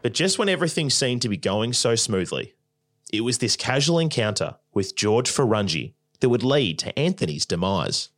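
A man's voice: medium pitch, very animated, moderate pace. A male narrator reading a scripted documentary voice-over in a wry, dramatic way. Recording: narration over loud guitar music.

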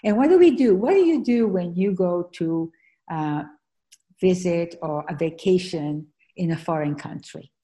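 A woman's voice: fairly low pitch, animated, normal speed, mellow. A woman whose first language is French, from Argentina, telling her story earnestly as an author being interviewed, with frequent fillers. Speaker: author and guest. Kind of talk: conversational interview.

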